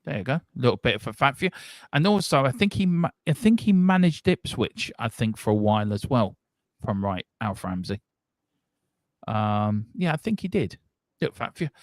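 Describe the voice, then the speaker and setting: A man co-hosting a casual fan live stream, reading viewer comments aloud with quick asides. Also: mid-range voice, big pitch swings, no room sound. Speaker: fan show co-host.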